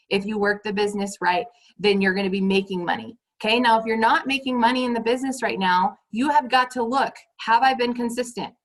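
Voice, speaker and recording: Her voice sits in the mid-range, and the recording quality is poor. Rallying her sales team on a pep call, she hammers her points home, says them again, and repeatedly calls her listeners "you guys."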